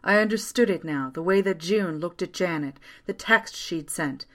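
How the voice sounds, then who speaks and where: A woman narrating a first-person story aloud in a quiet, steady way. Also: fairly low pitch, normal speed.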